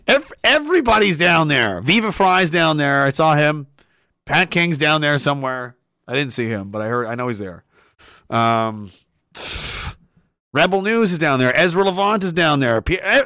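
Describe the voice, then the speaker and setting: A man talking on a casual livestream, excitable and profane, laughing often and restarting his sentences. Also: medium pitch, no echo, clean studio sound. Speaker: streamer.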